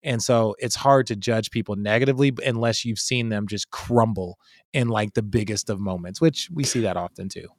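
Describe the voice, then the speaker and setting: A man's voice: lowish voice, brisk, no echo, studio quality. Emphatic man in casual sports talk. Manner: animated, emphatic, swears freely.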